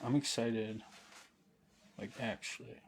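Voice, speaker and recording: A man's voice: on the low side, steady tone, slow pace, a little hiss or hum. A young man telling a rambling, profane story on a late-night livestream, laughing often and sounding intoxicated. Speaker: streamer.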